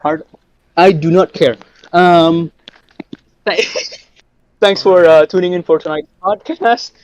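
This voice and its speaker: A young man co-hosting a podcast, giving halting thank-yous full of fillers. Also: high-pitched, steady tone, a little mellow, slight background noise. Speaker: podcast co-host. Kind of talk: casual chat, listener shout-outs.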